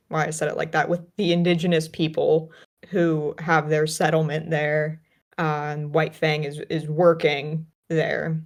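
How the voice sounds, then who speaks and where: A woman co-hosting a podcast from a remote call, chatting casually about a film with lots of fillers and restarts. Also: low voice. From United States. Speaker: podcast co-host.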